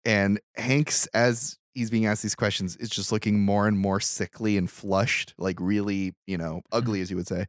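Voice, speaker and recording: A man's voice: lowish voice, normal speed, hardly any pauses, dry recording. Dry-voiced man recapping a movie. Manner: animated retelling, acting out quotes, swearing. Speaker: podcast host. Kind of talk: casual movie recap chat.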